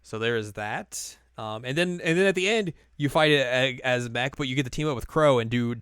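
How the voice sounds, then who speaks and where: Brief: male podcast co-host, mid-pitched, loose filler-heavy storytelling, dry close mic. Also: a little fast, fairly bright tone, smooth, dry recording. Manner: rambling, filler-heavy recap. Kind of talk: casual chat.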